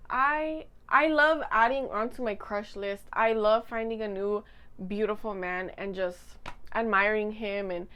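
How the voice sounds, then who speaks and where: A young woman vlogger chats casually into a desk mic at home, rambling in a giggly, gushing way. Her voice sits fairly high and sounds fairly bright.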